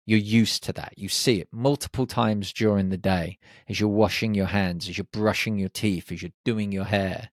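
With a fairly low, steady voice, this podcast host keeps a moderate pace and few pauses while building up listeners' confidence. His motivational monologue is upbeat and encouraging, with jokey asides, and the studio-quality audio has no room sound.

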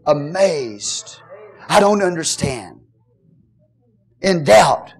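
Fervent preacher, male, high-pitched, rouses the congregation with calls and shouts. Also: lively intonation, moderate pace. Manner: fervent preaching with call-and-response, shouting at peaks. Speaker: pastor. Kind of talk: sermon.

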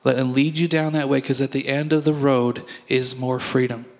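A man's voice: medium pitch, fairly even intonation, moderate pace, in a large hall, rough recording. A male pastor preaching a sermon in a conversational, storytelling way, acting out his own dialogue as he goes.

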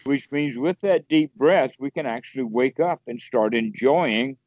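A man with a darkish tone teaches Buddhist practice at a measured pace in a casual call. He plays out inner voices with sudden high exclamations, keeping things playful. The sound is lo-fi, without room sound.

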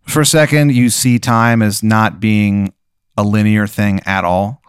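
Guy rambling out a crude made-up story, smooth voice, super dry close mic. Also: on the low side, fairly even intonation, a little slow, no room sound. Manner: profane, rambling second-person narration with many fillers. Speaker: host. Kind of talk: improvised storytelling comedy.

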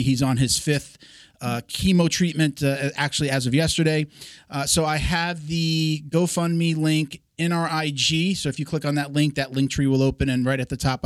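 A man's voice: a little high, dry recording. A man hosting a podcast, talking loosely and casually with plenty of fillers into a close mic. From South Florida. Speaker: podcast host.

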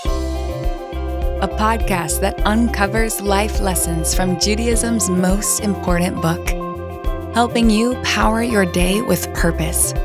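A woman reads a scripted podcast intro in a measured, unhurried way. Her pace is very slow, with clear music playing beneath her voice. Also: mid-range voice. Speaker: podcast announcer. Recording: voice over music bed.

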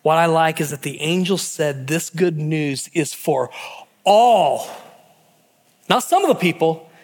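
A pastor preaching a sermon and telling stories with animated energy, acting out the people in them. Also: male voice, on the high side, unhurried, husky. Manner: animated storytelling, acting out voices in quotes.

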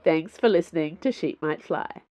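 A woman author reading her fiction aloud as a podcast host, in measured storytelling. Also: sits low, dark tone. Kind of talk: audiobook narration.

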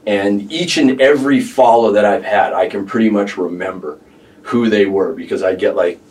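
A comedian guest talking in a laid-back, wry way. His voice is fairly low, and he sits a bit back from the mic. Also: normal speed, darkish tone. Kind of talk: casual chat. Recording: distant mic.

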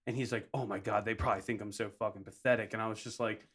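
A man's voice: fairly low pitch, fast talker, breathy edge. Profane man telling a wild story. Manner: profane, animated storyteller acting out quotes. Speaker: podcast co-host. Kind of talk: casual podcast chat.

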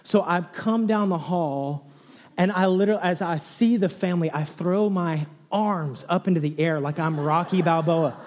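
Animated male preacher in a reverberant hall. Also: moderate pace. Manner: animated storyteller, swings from low and hushed to excited near-shouts. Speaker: pastor. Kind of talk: sermon.

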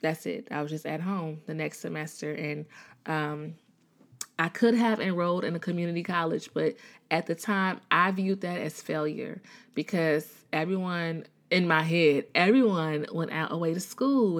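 Speaking a little slowly in a low, steady voice, this Chicago-area woman in her thirties tells her personal faith story as a Christian. Her delivery is chatty, with plenty of fillers and false starts.

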